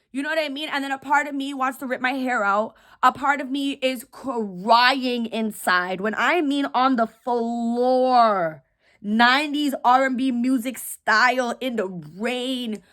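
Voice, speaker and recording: A woman in her twenties talking to camera at home, rambling and candid with slang and dark jokes. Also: high voice. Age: 20s. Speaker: vlogger, widow. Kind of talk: casual talk to camera. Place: home room.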